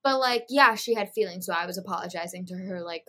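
A woman's voice: on the low side, fast talker, a bit bright. A woman co-hosting a podcast, recapping a reality show in casual chat, full of "like" fillers and acted-out quotes. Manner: chatty, frequent "like" fillers, acts out quotes. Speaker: podcast co-host.

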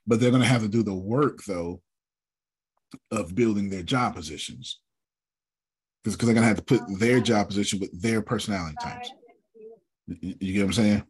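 A man leading a casual work meeting, animated and joking, with a drawling, husky voice. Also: on the low side, brisk, long pauses. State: sore after workouts. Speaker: business owner leading a team meeting.

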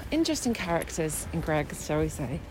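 A woman's voice: sits low, very animated, normal speed, very noisy. Chatty sarcastic woman vlogging. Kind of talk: casual chat.

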